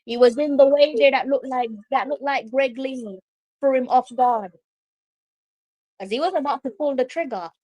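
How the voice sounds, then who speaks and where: A woman with a Jamaican accent hosting a live football watch-along, excitable and exasperated, slipping into patois. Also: high voice, normal speed. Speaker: live stream host.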